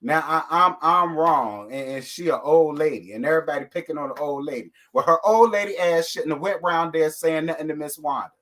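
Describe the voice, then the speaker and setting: A man's voice: a little high, brisk, hardly any pauses, a bit bright. A man hosting a live stream, ranting bluntly and sassily at his viewers, cursing freely. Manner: sassy, fired-up, blunt with cursing. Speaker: host. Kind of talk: casual live-stream rant.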